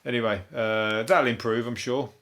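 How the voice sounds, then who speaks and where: A man with a Birmingham accent hosting a comedic news review. He rambles, swears freely, laughs at his own jokes and drops into quick silly impressions. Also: medium pitch, fairly even intonation, fairly bright tone. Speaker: comedian host.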